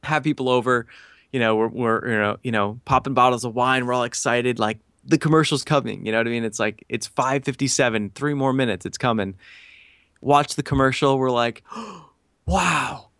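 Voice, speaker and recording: Animated storytelling man, dry sound. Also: medium pitch, brisk, no echo. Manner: animated, acts out quotes, many fillers. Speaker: podcast guest. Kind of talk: casual storytelling.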